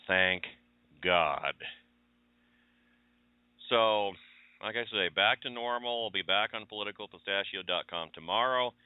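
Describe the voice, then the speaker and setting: A man's voice: on the low side, clear, resonant tone, dry recording. A radio show host chatting casually and telling rambling stories about his week. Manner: rambling, conversational storytelling. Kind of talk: casual chat monologue. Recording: tinny phone-line audio.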